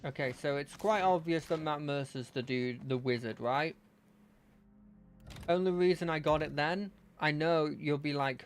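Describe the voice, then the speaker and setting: A man's voice: a little high, measured pace, a little hiss or hum. A man giving casual, rambling commentary while playing a video game, with wry asides. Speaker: let's play host. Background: game music.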